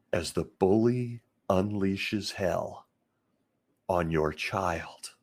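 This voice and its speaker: Podcast guy, low raspy voice, real slow and heavy, long pauses. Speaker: podcast host. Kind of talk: emotional podcast monologue.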